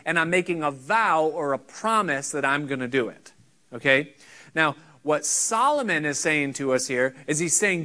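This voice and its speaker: A middle-aged man preaching a sermon, earnest and conversational, teaching with pauses. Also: on the high side, lively intonation, bright, forceful tone. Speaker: pastor.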